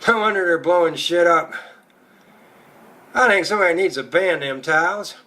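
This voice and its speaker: A man's voice: high-pitched, moderate pace, bright, forceful tone. A male stand-up comedian telling a crude, profane routine in a rowdy storytelling manner.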